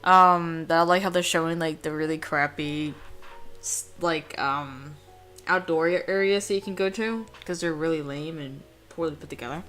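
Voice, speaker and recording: A woman's voice: sits low, normal speed, a bit bright, faint music behind. A woman hosting a let's play from a room at home, rambling casually and reading game text aloud. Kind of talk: casual gameplay commentary.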